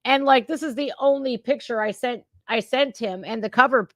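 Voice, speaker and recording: A woman's voice: a little high, moderate pace, fairly bright tone, no echo. A woman hosting her own show, ranting in a casual, fired-up way with plenty of swearing. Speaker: host. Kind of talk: casual reaction talk. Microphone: remote streaming setup.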